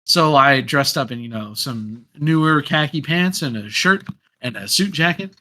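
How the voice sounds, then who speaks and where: A man hosting a podcast, telling a story in a lively, casual way and acting out what people said. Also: mid-range voice, normal speed. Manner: animated storyteller who acts out quotes. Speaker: podcast host.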